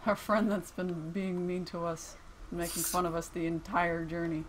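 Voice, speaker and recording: A woman's voice: lowish voice, level tone, slight background noise. A young adult woman playing a video game and joking through casual commentary. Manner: teasing, jokey, quick to laugh. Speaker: let's play streamer. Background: game music.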